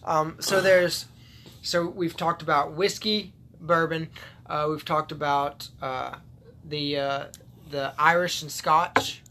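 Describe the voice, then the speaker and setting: Joking man with a slightly high voice. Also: fairly even intonation, takes it slowly, pushed and bright. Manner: joking, curious, swears casually. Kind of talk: casual chat.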